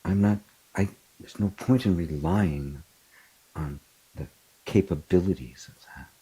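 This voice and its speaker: A middle-aged man, a spiritual teacher, talking reflectively in an open forum and telling stories with animated bursts. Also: sits low, measured pace, husky, rough recording. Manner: reflective, animated storytelling with laughs. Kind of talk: open forum talk on self-inquiry.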